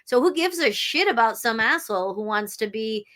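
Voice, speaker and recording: Slightly high, animated and fairly bright, this woman's voice keeps a moderate pace. She narrates audiobooks and is a podcast guest here, speaking candidly with frequent restarts and blunt profanity.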